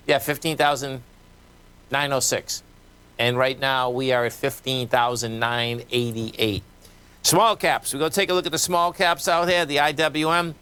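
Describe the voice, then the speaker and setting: A man's voice: mid-range voice, fairly bright tone, clear, resonant tone. A man with a Boston accent hosting a live radio market show, talking casually and folksily as he reads numbers off charts. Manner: casual, folksy, talks while reading charts.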